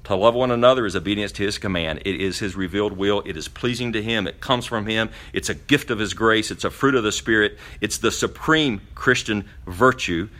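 A pastor preaching a sermon to his church, asking pointed rhetorical questions and swinging between loud emphasis and quiet asides. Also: lowish voice, brisk, few pauses. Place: church during a service.

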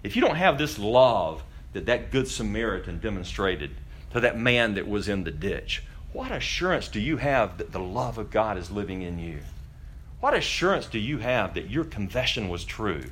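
A pastor preaching a sermon to his church, asking pointed rhetorical questions and swinging between loud emphasis and quiet asides. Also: lowish voice, sing-song, moderate pace, slight background noise. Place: church during a service.

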